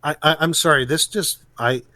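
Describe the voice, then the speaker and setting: A man co-hosting a casual podcast, talking in animated bursts with repeated starts and tangents. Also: on the high side, normal speed, dry recording. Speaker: podcast co-host, dungeon master.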